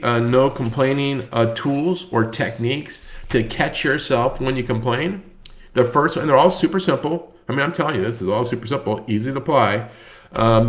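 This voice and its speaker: A man hosting a casual book talk, speaking conversationally with frequent fillers and restarts. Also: mid-range voice. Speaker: host.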